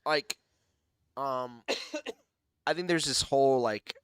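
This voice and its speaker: A young man co-hosting a podcast in casual chat, animated and laughing often, dropping slang like "bro" and "dude". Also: mid-range voice, takes it slowly, clear, resonant tone, no echo, clean studio sound. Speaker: podcast co-host.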